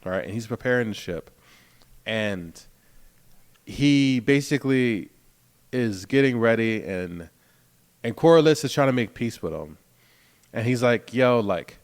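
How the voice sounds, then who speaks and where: A man with a Philadelphia accent co-hosts a podcast in a relaxed, conversational way, walking through scenes. His voice sits at an ordinary middle pitch. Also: a little slow, pauses often. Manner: laid-back, recaps scenes, trails off quietly. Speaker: podcast co-host. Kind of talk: casual chat.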